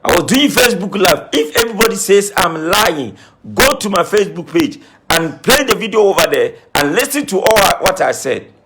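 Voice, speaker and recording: A man's voice: sits high, big pitch swings, moderate pace, music in the background. A man speaking as a spiritualist in an impassioned monologue to camera, emphatic and repetitive as he scolds. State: says he is crying. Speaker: self-styled spiritualist.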